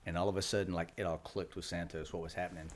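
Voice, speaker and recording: A man's voice: sits low, flat delivery, very fast, a little hiss or hum. A middle-aged man, a retired Marine, recounting his experiences in a loose, matter-of-fact way with fillers and restarts. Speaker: podcast guest, retired Marine. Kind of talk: casual storytelling interview.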